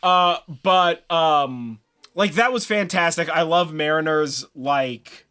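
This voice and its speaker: A young man co-hosting a casual review show, chatting quickly, laughing and acting out quotes. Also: on the high side, bright, forceful tone, clear, resonant tone. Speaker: podcast co-host.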